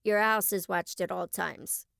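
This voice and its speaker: A woman's voice: mid-range voice, fairly even intonation, measured pace, gravelly, a bit bright, no room sound, studio quality, pitched below the performer's own voice. A woman voicing a polite, composed male chauffeur with a slight foreign accent in an audiobook. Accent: slight unplaced foreign accent. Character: calm mysterious male chauffeur.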